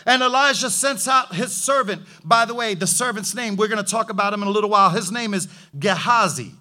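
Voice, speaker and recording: A man's voice: sits high, brisk, sharp tone. A man preaching a sermon in an emphatic, rhetorical way, calling out hallelujah and asking for an amen.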